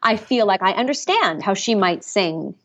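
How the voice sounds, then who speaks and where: A woman impressionist being interviewed over the phone, talking in animated, chatty bursts and correcting herself as she goes. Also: mid-range voice, normal speed. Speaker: impressionist guest. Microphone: phone line.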